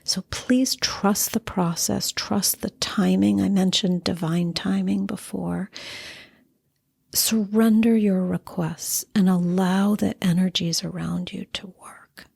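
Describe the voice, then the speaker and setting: A middle-aged woman hosting a spiritual talk, teaching calmly and acting out playful quotes. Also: mid-range voice, takes it slowly, gravelly, breathy edge, dry recording, studio quality. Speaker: podcast host and spiritual teacher. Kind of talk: calm spoken teaching monologue.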